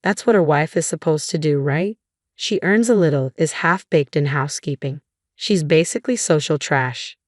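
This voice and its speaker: A woman's voice: sits low, moderate pace, no echo, clean studio sound. A woman voicing a bossy, insulting husband. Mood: scornful. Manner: yelling, contemptuous.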